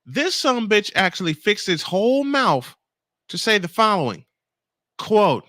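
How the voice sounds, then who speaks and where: A man's voice: high-pitched, big pitch swings, slow, long pauses, bright, forceful tone, dry recording, clean studio sound. A man hosting a morning show, ranting angrily at a critic and repeating his points for emphasis. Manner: confrontational, addresses a critic directly and reads comments aloud; emphatic, repeats phrases for effect. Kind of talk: angry on-air rant.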